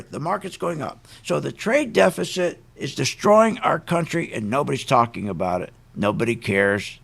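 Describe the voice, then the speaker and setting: A man hosting talk radio with a gravelly, fairly high voice. He rants with indignant emphasis and fires off rhetorical questions. His delivery is forceful and exasperated. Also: big pitch swings, normal speed, hardly any pauses. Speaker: radio show host.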